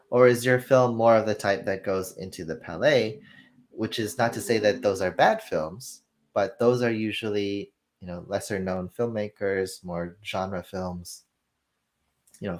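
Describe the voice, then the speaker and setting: A man casually explaining the film business as an interview guest, telling animated anecdotes and acting out the dialogue. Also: lowish voice. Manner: animated storytelling, acts out dialogue.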